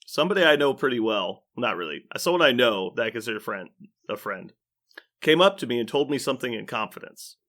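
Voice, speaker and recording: A man's voice: medium pitch, lively intonation, a little fast, fairly bright tone. A man co-hosting a podcast in casual chat, with dry and sarcastic delivery. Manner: dry, sarcastic, matter-of-fact. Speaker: podcast co-host.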